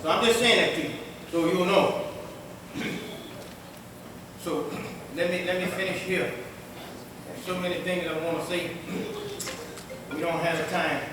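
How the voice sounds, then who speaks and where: A male imam giving a Friday sermon, swinging between loud and hushed lines and laughing often as he tells stories. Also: high voice, measured pace, long pauses, background noise. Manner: lively preaching that swings between loud and quiet. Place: mosque prayer hall. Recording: echoey hall from far off.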